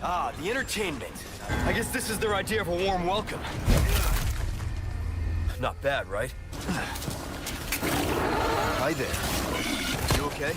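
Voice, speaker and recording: An actor playing a cocky young male agent who tosses off dry one-liners, heard in game audio with loud music. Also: on the high side, sing-song, measured pace, pauses often. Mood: quipping.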